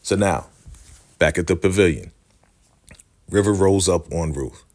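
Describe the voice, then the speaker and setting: A man casually recapping a TV episode, chatty and animated, with slang. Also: sits low, unhurried. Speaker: TV show recapper.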